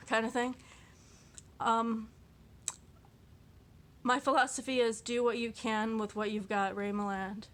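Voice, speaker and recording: A woman's fairly bright voice sits on the high side, level in tone and a little slow, with long pauses. Vlogging casually, she reads quotes aloud and reacts chattily, rambling through fillers and restarts while giggling at herself in a self-deprecating way.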